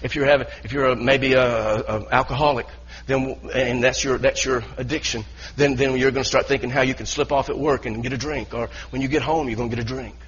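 Male pastor, husky mid-pitched voice, earnest stop-start preaching, muffled church recording. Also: fairly even intonation, fairly quick, hardly any pauses. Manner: earnest preaching with repeated restarts. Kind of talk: sermon.

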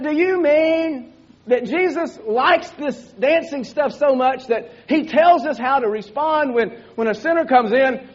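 A male preacher delivering a sermon with emphatic repetition and rhetorical questions. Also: very high-pitched. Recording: dull lo-fi sermon recording.

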